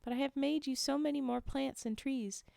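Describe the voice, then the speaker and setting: Raven, a woman reading as a calm creator spirit. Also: sits high, normal speed, vocal fry, dry recording, studio quality. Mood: instructive.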